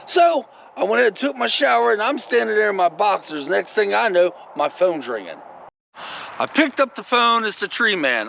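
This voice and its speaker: A man with a high voice, rambling through a casual vlog story and talking straight to his viewers. His pitch jumps all over the place, with a gravelly rasp underneath and a faint hiss behind him. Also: moderate pace, rough recording. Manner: rambling and animated, many asides to viewers. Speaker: vlogger.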